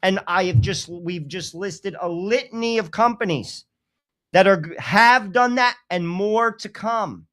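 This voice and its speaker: A man with a notably high voice talks politics as a co-host. He lays out his argument in a measured, explanatory way. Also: a bit bright. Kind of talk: casual political talk.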